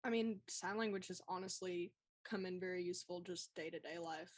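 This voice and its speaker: A woman with a Southern American accent chatting casually as a livestream co-host, animated and laughing often. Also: on the low side, brisk. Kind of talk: casual chat.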